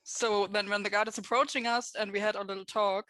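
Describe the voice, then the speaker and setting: A woman's voice: medium pitch, fairly even intonation, brisk, bright, forceful tone, dry recording, poor audio. A woman playing in a tabletop game, describing her character's actions and plans. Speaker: player. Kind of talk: casual tabletop role-play.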